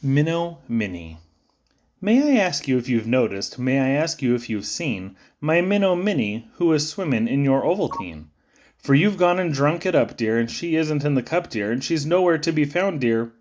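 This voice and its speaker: Man reading kids' poems aloud, bouncy sing-song, wide leaps in pitch, muffled lo-fi sound. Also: very animated, moderate pace, a little mellow. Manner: playful, sing-song delivery with sudden high squeaks and low drops. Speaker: poetry reader. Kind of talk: expressive reading of children's poems.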